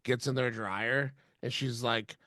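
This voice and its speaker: A man's voice: mid-range voice, fairly even intonation, a little slow, pushed and bright, no echo, clean studio sound. A man on a podcast, telling rambling stories full of swearing in casual banter. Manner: profane, rambling storytelling.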